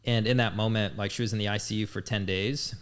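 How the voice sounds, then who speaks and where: A man's voice: lowish voice, fairly even intonation, fast, clean tone. A man in his thirties, a podcast guest telling his life story in a candid, blunt way, swearing freely. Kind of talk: casual storytelling.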